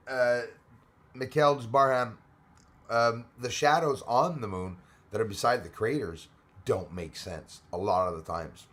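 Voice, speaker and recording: A man's voice: medium pitch, a bit bright. A middle-aged man, hosting a casual live stream, reading out viewer comments with lots of fillers and the odd cough. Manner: chatty, reads out viewer comments, frequent fillers. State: coughing now and then. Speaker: livestream host.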